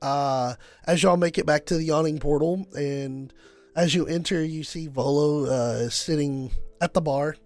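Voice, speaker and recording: A man's voice: fairly high pitch, measured pace, a little mellow. A young man narrating a tabletop game as game master in a casual way, full of fillers.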